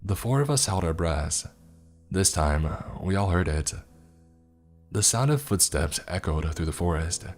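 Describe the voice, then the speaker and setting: A man with a very deep voice reads a scary story in a steady, measured delivery. Faint music plays softly beneath his narration. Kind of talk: scripted horror story narration.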